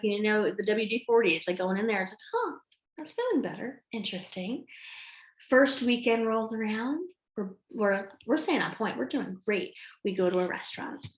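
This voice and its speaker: A woman talks to camera from home in a lively, chatty way, slipping into the voices of herself and others as she tells it. Her voice sits a bit high. The room around her is echoey. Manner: animated, acts out her own quotes. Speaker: health coach. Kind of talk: casual chat to camera.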